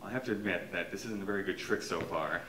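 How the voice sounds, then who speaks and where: A man's voice: low-pitched, fast, pushed and bright, a little hiss or hum. A man doing a blunt, sardonic tired woman. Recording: echoey room from far off.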